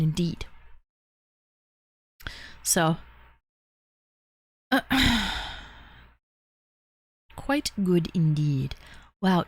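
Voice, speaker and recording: A woman's voice: fairly high pitch, a bit bright, dry recording. A woman hosting a casual livestream, chatting with viewers, laughing often and swearing casually. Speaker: livestream host reading chat.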